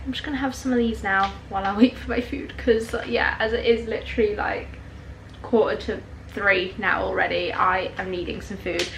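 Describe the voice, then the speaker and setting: A woman's voice: medium pitch, steady tone, normal speed, creaky, reverberant, a little hiss or hum. A young British woman chatting casually in a food vlog at home, bubbly and full of "like". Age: young adult. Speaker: vlogger. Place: home kitchen and garden.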